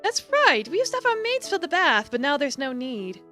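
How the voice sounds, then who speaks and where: A woman's voice: high-pitched, big pitch swings, a little fast, pushed and bright, soft background music, pitched above the performer's own voice, full character voice. A woman voicing a rich, fancy young lady of a mansion with a put-on posh British accent. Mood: gracious. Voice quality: posh, formal.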